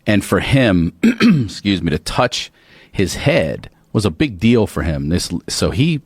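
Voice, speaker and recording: A man from Baltimore, a podcast guest telling a story in a profane, lively way. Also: fairly low pitch, takes it slowly, slightly rough, no room sound. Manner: profane, animated storytelling with restarts. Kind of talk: casual storytelling.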